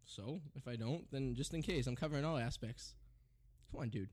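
A man's voice: medium pitch, moderate pace, a little mellow. A young man hosting a college radio show, rambling and joking, goading his co-host. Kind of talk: loose banter and singing on air.

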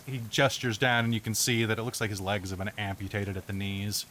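A man running a tabletop role-playing game as game master, narrating in a relaxed, chatty way with frequent fillers. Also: on the low side, a little fast, slight background noise.

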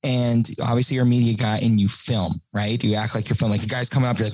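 A man chats as a podcast guest, spinning stories and acting out the lines people said. He laughs often. His voice sits at an ordinary pitch and sounds dry and close. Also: fast talker, hardly any pauses, a little mellow, slightly rough, no room sound, rough recording. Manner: laughing storyteller, acts out quotes. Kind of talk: casual chat.

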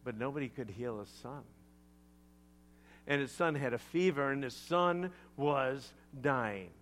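A male pastor in the middle of a sermon, his pitch swinging up and down with a lot of expression. He takes his time, slowing down on key words and turning often to ask his listeners questions. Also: slight background noise. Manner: animated storytelling with conversational asides to the congregation.

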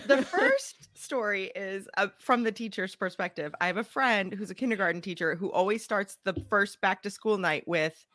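Bright, bouncy woman telling stories. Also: mid-range voice, lively intonation, moderate pace, hardly any pauses, dry recording. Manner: storytelling, bursts of laughter. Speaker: guest podcaster and teacher. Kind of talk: casual podcast chat.

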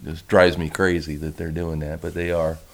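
A man who makes violins gives a relaxed, rambling talk over slides, with many restarts. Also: rumbling low, normal speed, gravelly. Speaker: violin maker giving a talk.

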